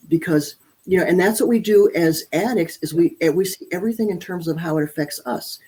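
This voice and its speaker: A woman's voice: fairly low pitch, brisk, few pauses, mellow, husky. A woman guest in a casual interview, blunt and emphatic, acting out her own inner voice as she talks about parenting.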